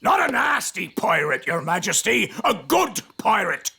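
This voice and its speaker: Redbeard, a gravelly elf pirate. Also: male voice, very animated, unhurried, bright, forceful tone, full character voice. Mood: proud. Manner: proud, booming declarations. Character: jolly elf pirate man, boastful.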